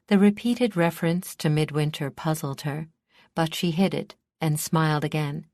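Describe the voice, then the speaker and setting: A woman with a low voice reads a fantasy audiobook at an even, measured pace. The recording is dry and close, with no room sound. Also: no room sound. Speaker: audiobook narrator. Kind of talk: scripted narration.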